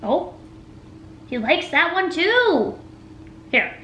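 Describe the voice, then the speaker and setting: A woman's voice: very high-pitched, big pitch swings, very slow, a bit bright, roomy sound, a little hiss or hum, poor audio. A woman in her twenties chatting casually in a vlog, rambling through her stories with lots of "like" and "literally". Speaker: vlogger. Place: home room with a table.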